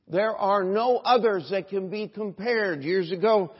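Pastor, male, dramatic sermon delivery, fairly high voice, dull lo-fi recording with long hall reverb. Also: normal speed, hardly any pauses, breathy edge. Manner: preaching with rising, dramatic emphasis and sudden hushed drops; reads scripture in an old, formal register. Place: church sanctuary.

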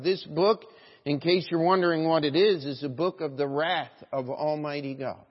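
Dramatic preaching pastor in echoing church. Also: male voice, fairly high pitch, steady tone, moderate pace. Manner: preaching with rising, dramatic emphasis and sudden hushed drops; reads scripture in an old, formal register. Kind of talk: sermon. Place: church sanctuary. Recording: dull, lo-fi sound with long church reverb.

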